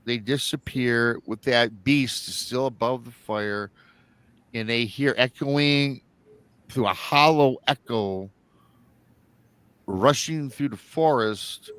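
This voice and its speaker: A man's voice: medium pitch, takes it slowly, fairly bright tone, smooth, no echo. A man hosting a live show, retelling a listener's story in a rambling, casual way and acting out the quoted lines. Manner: rambling, repeats himself, acts out quoted lines.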